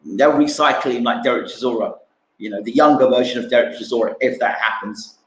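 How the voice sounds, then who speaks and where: A man's voice: mid-range voice, fairly quick. Echoey boxing pundit, man. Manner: repeats himself, acts out punches with sound words. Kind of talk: casual boxing analysis.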